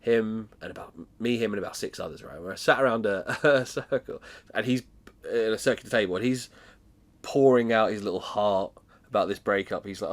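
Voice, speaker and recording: A British man in his twenties co-hosts a podcast, chattily recapping a TV episode and laughing often as he tells stories. His voice is on the low side and a little fast.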